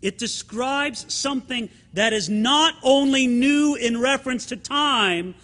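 A man's voice: very high-pitched, slow, a bit bright. A middle-aged man preaching a sermon as pastor, speaking emphatically and calling the congregation friends with rhetorical questions. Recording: long hall reverb.

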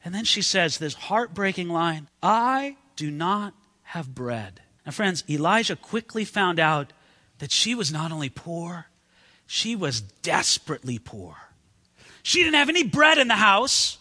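A man preaching a sermon in an animated way, acting out the voices in the story he tells. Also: high voice, normal speed, long reverb tail. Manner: animated, acts out quoted voices.

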